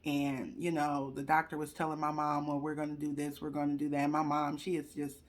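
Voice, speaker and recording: A woman's voice: sits low, completely flat delivery, brisk. A young woman talking to viewers at her computer, telling a personal story while trying not to cry. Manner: chatty, addresses viewers directly; fighting back tears. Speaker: vlogger sharing a personal story. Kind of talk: emotional personal testimony. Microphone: computer webcam.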